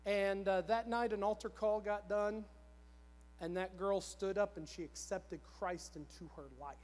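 With a high, steady, slightly mellow voice, a man in his thirties delivers an unhurried church sermon. He recounts a personal story conversationally, repeating himself and making self-deprecating remarks, all under long church hall reverb.

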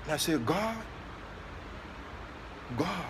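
A man with a Ghanaian accent preaching during an online prayer session, moving between soft asides and loud, passionate exclamations. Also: fairly high pitch, very animated, extremely slow, noisy background. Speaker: prophet leading online prayer. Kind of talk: sermon.

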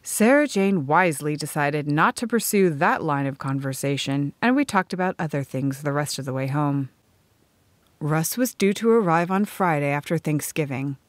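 A woman narrating a first-person audiobook in a measured storytelling manner. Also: deep voice, lively intonation, dry recording.

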